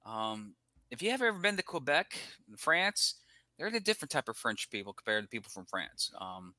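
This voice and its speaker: A young man co-hosting a casual sports podcast, rambling with quick asides and chuckles. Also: medium pitch, very animated, bright, forceful tone, dry recording. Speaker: podcast co-host.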